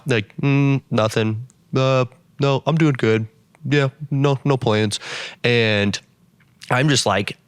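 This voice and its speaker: A man hosting a casual podcast, telling stories with lots of fillers and lively quoted voices. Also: fairly low pitch, clear, resonant tone, no echo. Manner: storytelling, many fillers, playful quoted voices. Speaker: podcast host.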